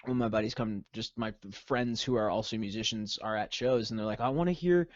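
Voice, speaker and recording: Rambling, excited man on a podcast. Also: lowish voice, brisk, no room sound, dull audio. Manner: enthusiastic, rambling, many restarts. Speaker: musician guest. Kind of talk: casual podcast chat.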